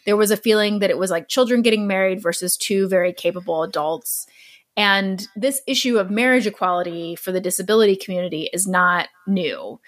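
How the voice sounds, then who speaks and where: A woman's voice: medium pitch, fairly quick. A woman hosting a podcast, telling a true story in a chatty, earnest way and laughing easily.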